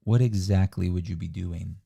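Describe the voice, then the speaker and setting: A man's voice: low voice, fairly even intonation, normal speed, vocal fry, warm tone, husky. A man in his thirties co-hosting a livestream, chatting casually and teasing his partner with sarcasm. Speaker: livestream co-host. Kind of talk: casual chat.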